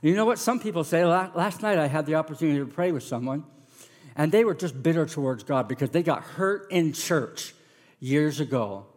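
A middle-aged man preaching a sermon as a pastor, animated and acting out the voices of the people in his story. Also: fairly high pitch, moderate pace, long reverb tail. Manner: animated, acts out voices of characters.

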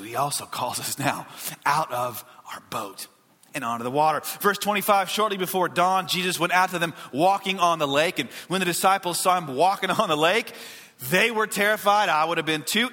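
Animated male pastor preaching in a hall. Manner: animated preaching with wide pitch swings and hushed asides. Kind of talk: sermon. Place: church.

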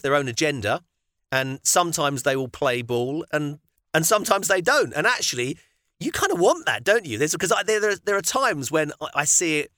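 Bright-voiced British dad, thinking aloud. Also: male voice, on the high side, no room sound, studio quality. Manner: reflective, halting, thinks aloud. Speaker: podcast co-host. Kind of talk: casual chat.

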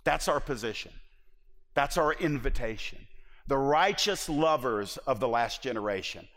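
A man's voice: medium pitch, animated, normal speed, fairly bright tone. A man preaching a sermon in an impassioned, emphatic way, often restarting his words. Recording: long reverb of a large hall.

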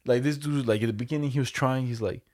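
A young man telling a story in a casual chat, relaxed and profane, slipping into quoted voices. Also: mid-range voice, fast.

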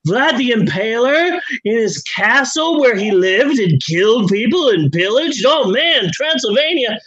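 A man spins a history tale for his podcast, rambling and sarcastic. His voice sits high and swings widely in pitch, with a husky edge. He swears casually as he goes. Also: a bit bright, no room sound, rough recording. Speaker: podcast host.

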